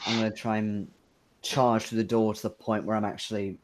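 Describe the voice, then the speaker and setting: Low-voiced man player planning aloud. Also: level tone, brisk. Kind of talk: casual tabletop game chat.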